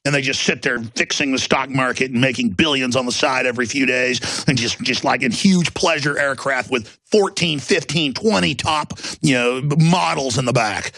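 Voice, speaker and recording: A man's voice: mid-range voice, normal speed, vocal fry, hardly any pauses, pushed and bright, dry recording. A male talk show host delivering an impassioned, rambling, theatrical rant. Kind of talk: ranting monologue.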